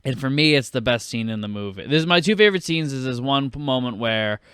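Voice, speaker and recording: Young male podcast co-host, smooth clear voice, dry close sound, animated and quick to act out scenes. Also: medium pitch, no room sound. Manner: animated, acts out movie lines in put-on voices, swears freely. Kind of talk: casual film chat.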